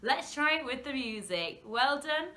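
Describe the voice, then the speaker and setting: A woman's voice: high-pitched, roomy sound. A young woman presenting an interactive singalong lesson for young children, encouraging them and stretching out her words. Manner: animated, encouraging, drawn-out words. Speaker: primary school workshop presenter.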